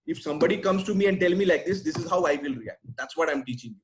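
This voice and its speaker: A man's voice: high-pitched, lively intonation, fast talker, a little hiss or hum, rough recording. A man answering questions in a webinar, blunt and emphatic, often ending with "right?". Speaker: sales trainer answering questions.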